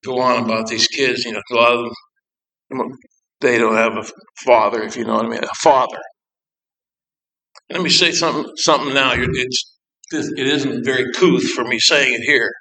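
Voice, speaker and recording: A man who volunteers in prison ministry, speaking informally to a church group in a halting, plainspoken way, with many asides. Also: medium pitch, fairly even intonation, creaky, sharp tone, rough recording. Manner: rambling, plainspoken, full of asides; halting, with frequent pauses. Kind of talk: informal church talk to a congregation.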